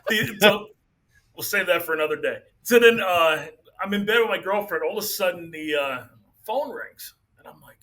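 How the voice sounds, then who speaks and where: A middle-aged man on a podcast, telling stories in a relaxed, chatty way. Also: sits high, moderate pace, slight background noise. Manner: relaxed, chatty, laughs along. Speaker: podcast co-host or guest. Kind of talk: casual storytelling.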